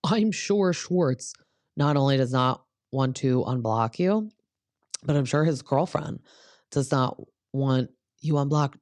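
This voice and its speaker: A woman's voice: very deep voice, normal speed, darkish tone, no room sound. A woman hosting a podcast in a casual gossip chat, talking in a chatty, sarcastic, rambling way with lots of asides. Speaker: podcast host.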